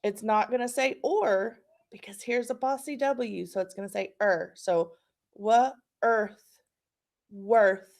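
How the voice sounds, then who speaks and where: A woman's voice: mid-range voice, slow pace, darkish tone. A woman teacher leading a patient, encouraging phonics lesson for young children.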